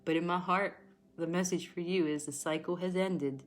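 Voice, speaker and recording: A woman's voice: on the low side, fairly even intonation, moderate pace. A woman giving a livestream tarot reading with a pep talk. She is emphatic and encouraging, chatty, and often close to tears. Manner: emotional and emphatic, sometimes near tears; chatty and encouraging, rambling asides. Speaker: tarot card reader.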